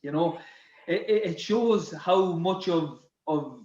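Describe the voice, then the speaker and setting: A man's voice: fairly high pitch, expressive, a little mellow. Man rambling with many restarts, roomy sound. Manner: halting, with many repeated words and fillers. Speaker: guest, former footballer. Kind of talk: casual podcast conversation. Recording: roomy, slightly dull sound.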